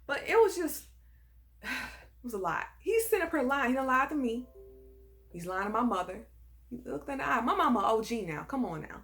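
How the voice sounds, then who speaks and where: Sassy woman telling a story to camera, kinda high voice, really emphatic. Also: big pitch swings, brisk, a bit bright. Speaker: storyteller vlogger. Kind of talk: casual storytelling.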